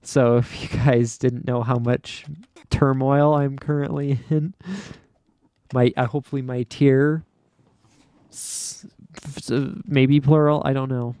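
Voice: medium pitch, level tone, takes it slowly, dark tone, no echo. A young adult gamer giving casual let's play commentary, dramatically exasperated and often laughing at their own struggles. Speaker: gamer playing an obstacle course game.

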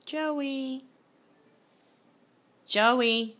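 A woman's voice: mid-range voice, big pitch swings, moderate pace, sharp tone. A woman filming her pets at home, coaxing them in a sing-song baby-talk voice. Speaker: pet owner filming at home.

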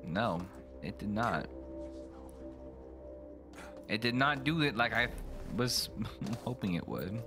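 A man streaming a video game, rambling and joking, now and then jumping into silly high voices. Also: expressive, takes it slowly, long pauses. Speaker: gaming streamer. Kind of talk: casual let's play commentary. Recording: game music behind the voice.

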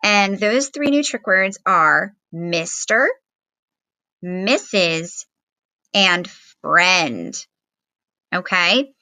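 A woman teacher walks young children through a phonics lesson at home, sounding out each letter with slow, patient care. Her voice is very bright and clear. The recording is dry and close, with no room sound. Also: on the low side, lively intonation, no echo.

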